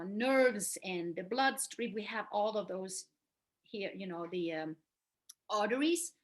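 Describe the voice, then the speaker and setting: A woman's voice: medium pitch, fairly bright tone. A middle-aged woman, a mother, earnestly telling her son's story, often checking in with "right?". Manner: earnest, explaining with questions and "right?". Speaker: mother and host. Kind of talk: casual talk to camera.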